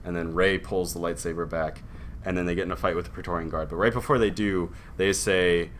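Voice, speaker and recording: A young man in casual chat with friends, rambling through a retold story and slipping into quick voices for its characters. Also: low-pitched, fairly even intonation, slight background noise. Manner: rambling, acts out lines in quick put-on voices.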